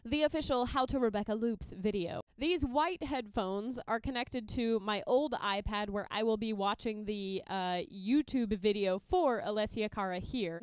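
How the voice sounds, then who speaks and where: A woman's voice: mid-range voice, smooth, no echo. A young woman casually explaining how she arranges songs for a looper, chatty and upbeat, sometimes singing or beatboxing short examples. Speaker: loop musician explaining her process. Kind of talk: casual tutorial talk.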